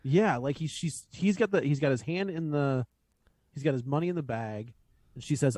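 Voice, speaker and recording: Chatty male co-host talking through a movie, mid pitch, dry close-miked sound. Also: fairly quick, a little mellow, no echo. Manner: chatty, laughs along, thinks aloud. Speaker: podcast co-host. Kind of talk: casual film discussion.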